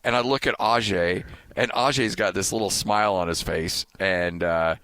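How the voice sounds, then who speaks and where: A man hosting a sports podcast who tells stories animatedly in casual chat and jumps up loud when he acts out quotes. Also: low voice, moderate pace. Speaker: sports radio broadcaster and podcast host.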